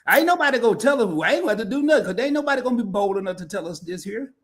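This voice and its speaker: High, lively, excitable man co-host. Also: racing. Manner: excitable, laughs a lot, exclaims often. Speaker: co-host of a live talk show. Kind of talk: casual livestream chat.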